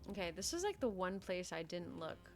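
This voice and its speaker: A woman's voice: on the low side, sing-song, moderate pace. A young woman streaming a roleplay game, chatting casually, giggling often and muttering to herself. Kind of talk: casual gaming chat and in-character roleplay. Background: faint music.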